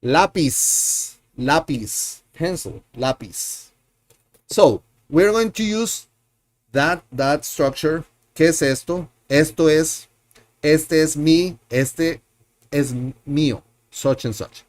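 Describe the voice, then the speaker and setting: A man's voice: a little high, slow pace. A man teaching a live online Spanish lesson, patiently repeating words and drilling his learners, often correcting himself as he thinks aloud.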